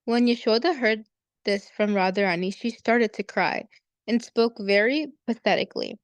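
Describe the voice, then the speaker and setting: A woman's voice: medium pitch, moderate pace, no echo. A woman steadily reading a devotional story aloud to a group.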